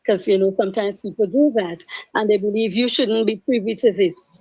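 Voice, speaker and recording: Female radio caller, mellow, gentle, reflective, dry sound. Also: medium pitch, brisk, husky, no echo, low-quality recording. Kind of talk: phone-in call.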